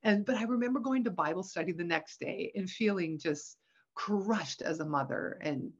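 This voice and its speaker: Expressive middle-aged woman, lo-fi sound. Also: fairly low pitch, normal speed, slightly rough. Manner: expressive storyteller, animated when quoting, laughs often. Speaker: guest, Christian parenting author. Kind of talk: casual podcast conversation.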